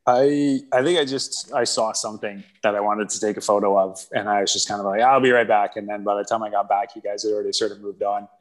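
A man with a low, fairly flat voice looks back on old tours. He talks in a relaxed, rambling way, full of fillers and restarts. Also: fast, few pauses, low-quality recording. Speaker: band member recalling tours. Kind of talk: casual reminiscing.

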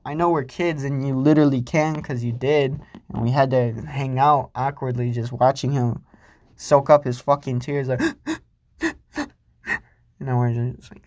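A man's voice: mid-range voice, steady tone, moderate pace, darkish tone, no echo, clean studio sound. A young man hosting a solo podcast, rambling casually and swearing freely, mocking himself as he goes. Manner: rambling, profane, self-mocking. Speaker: podcast host.

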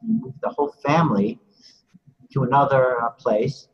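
An older man telling a story in a loose, rambling way and filling it with "you know" asides. His voice is husky and sits at a middle pitch. The recording sounds dull and lo-fi. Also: normal speed. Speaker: interviewee. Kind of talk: casual storytelling.

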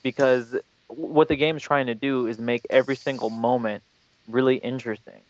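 A man's voice: medium pitch, fairly even intonation, moderate pace, darkish tone, dry recording. Thoughtful man on a dull dry mic. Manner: thoughtful, rambling with many fillers. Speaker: podcast co-host. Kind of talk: casual gaming podcast chat.

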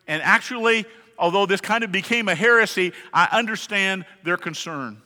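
A man's voice: high voice, moderate pace, bright, forceful tone. A man preaching a sermon in a church, talking conversationally and with emphasis, often asking the congregation questions. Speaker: pastor. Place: church sanctuary. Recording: long reverb of a large hall.

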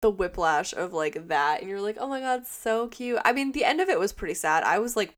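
Co-host, female, lower voice, excitable and giggly, acts out quotes. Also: fairly quick. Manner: gushing, laughs often, quotes scenes in voices. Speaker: podcast co-host. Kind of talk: casual chat.

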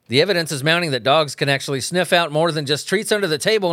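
A man's voice: a little high, fairly bright tone, no echo, clean studio sound. A man hosting a casual podcast at home, talking into a microphone on a stand. He rambles, swears freely and laughs often. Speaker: podcast host.

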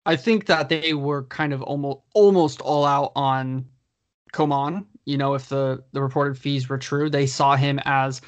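A man's voice: mid-range voice, fairly even intonation, unhurried, no room sound. A man co-hosting a casual podcast chat, reading out listener questions and laughing often. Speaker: podcast co-host.

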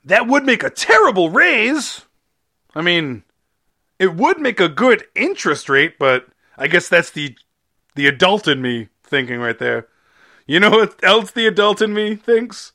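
Young man, comedy podcast host, playful, goofy, lively pitch, bright tone. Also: a little slow.

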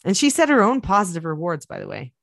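A middle-aged woman hosting a parenting podcast, explaining steps in a steady, instructive way. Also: lowish voice, fast, gravelly, no room sound. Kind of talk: casual advice chat.

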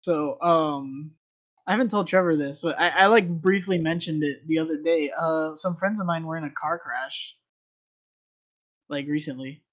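A man's voice: fairly high pitch, normal speed, fairly bright tone, dull audio. Man, casual podcast chat, rambling storyteller, lots of ums and likes. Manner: rambling, filler-heavy storytelling.

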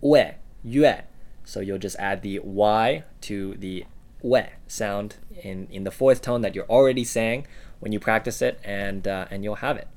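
A man co-hosting a casual lesson podcast, giving example words in a relaxed way with plenty of "uh" and "um". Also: on the low side, normal speed. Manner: relaxed, with frequent "uh" and "um".

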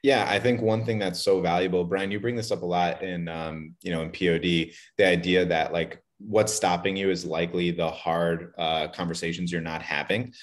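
A man's voice: low-pitched, steady tone, normal speed, hardly any pauses. A man hosting a business podcast, upbeat and chatty, laughing easily with his co-host. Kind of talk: casual podcast chat.

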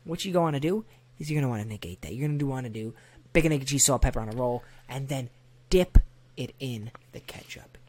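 Guy going off about burgers, cusses a ton, super emphatic, normal pitch. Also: very fast, a little mellow. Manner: emphatic ranting, heavy swearing. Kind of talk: casual banter.

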